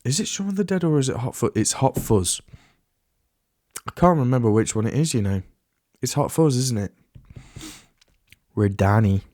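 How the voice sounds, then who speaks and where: A man's voice: mid-range voice, animated, fairly quick, a little mellow, no echo, studio quality. A man hosting a solo podcast in a casual, rambling way, often restarting and trailing off into asides. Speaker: podcast host.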